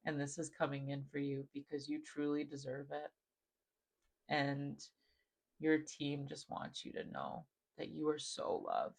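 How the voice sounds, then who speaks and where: Brief: male spiritual channeler addressing the viewer, fairly high voice with a lot of vocal fry, soft-spoken and affirming. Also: slow, long pauses, rough recording. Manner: gentle, affirming, repetitive phrasing with many "like" fillers.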